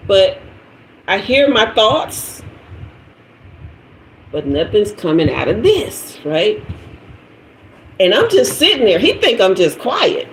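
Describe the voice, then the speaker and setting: A woman in her forties, a tarot reader, telling a dramatic story on a livestream in an animated way. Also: mid-range voice, slow, pauses often, a little hiss or hum. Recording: echoey room.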